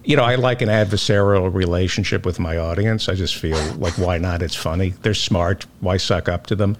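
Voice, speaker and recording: A man's voice: low-pitched, normal speed, a little hiss or hum. A man hosting a talk podcast, sardonic and jokey as he takes callers. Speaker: podcast host. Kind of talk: casual talk show chat.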